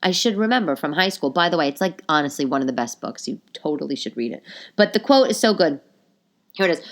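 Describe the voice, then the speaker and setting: A woman's voice: sits low, animated, fairly quick. A middle-aged woman hosting her own podcast, a little nasal today, chatting and telling rambling stories with lots of asides. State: a bit nasal from a cold. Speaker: podcast host. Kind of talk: casual solo podcast chat.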